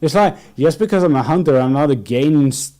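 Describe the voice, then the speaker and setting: A young man hosts a podcast in a relaxed, chatty way, his voice mellow and dark in tone yet pitched fairly high. He wanders through his stories at a moderate pace, often starting sentences over and acting out what others said to him, all with plenty of expression.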